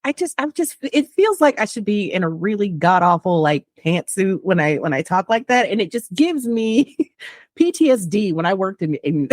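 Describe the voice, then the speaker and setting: A woman's voice: medium pitch, moderate pace, no echo, clean studio sound. A woman guest in a casual chat who tells stories with lots of laughter and mimics other people's voices. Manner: animated storyteller, mimics voices, laughs often. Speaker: guest, tarot business owner.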